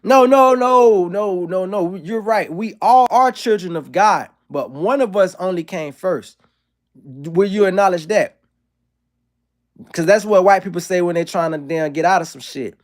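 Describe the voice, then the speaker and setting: A man's voice: sits high, normal speed, a little mellow. A man streaming live, delivering a provocative, profane and emphatic monologue to his chat.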